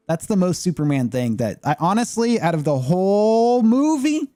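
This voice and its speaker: A man's voice: fairly high pitch, a little mellow, no echo, studio quality. A man chatting casually as a gaming streamer, rambling and opinionated with lots of fillers. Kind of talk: casual chat.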